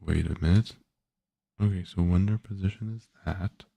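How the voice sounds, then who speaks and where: A man's voice: sits low, normal speed, vocal fry, warm tone, no room sound. A man, a game developer, thinking aloud casually while coding, hesitant with many filler sounds.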